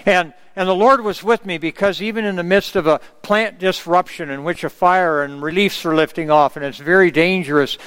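A man's voice: fairly high pitch, fairly bright tone. A middle-aged man preaching a sermon in an earnest way, often calling out to the congregation for an amen. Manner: earnest, asks the congregation for amens.

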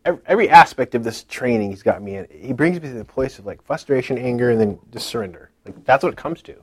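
A man shares a personal church testimony in casual, earnest speech, emotional and full of fillers, with frequent nervous laughs. His mid-range voice is expressive, fast and slightly rough, with no room sound.

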